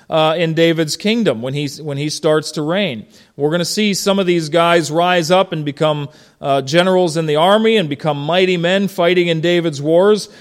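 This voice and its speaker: Middle-aged male pastor, casual sermon delivery, slightly raised pitch, talks with the congregation. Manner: conversational, asks the congregation questions.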